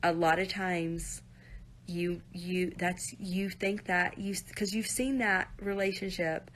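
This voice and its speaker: A woman's voice: fairly low pitch, fairly even intonation, takes it slowly, a bit bright. A woman on a live stream, talking to viewers in an earnest, direct way and often saying "you guys" and "like". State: near tears at times.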